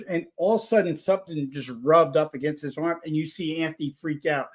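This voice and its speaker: A man telling a story in a casual chat, rambling and animated, full of restarts. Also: fairly high pitch, fairly quick. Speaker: paranormal investigator guest.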